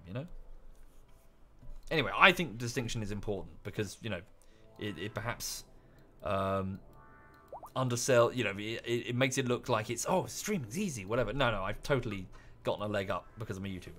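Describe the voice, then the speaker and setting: His voice lowish and fairly bright, a young British streamer talks quickly but with long pauses while gaming live, soft music behind him. He's a YouTuber who rants casually, rambling and correcting himself.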